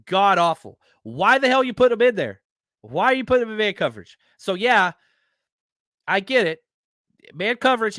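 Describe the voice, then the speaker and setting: Casting: male podcast host, fired-up rant, lively swings in pitch, dry close sound. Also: no echo. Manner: heated, ranting, animated. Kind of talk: sports podcast analysis.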